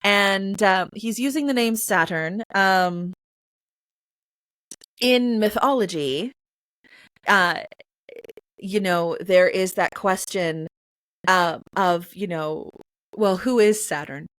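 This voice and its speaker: A woman's voice: medium pitch, slow pace, long pauses, fairly bright tone, smooth, dry recording. A woman answering interview questions about reading poetry aloud, chatty, with lots of fillers and playful sung sounds. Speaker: guest, poetry reader.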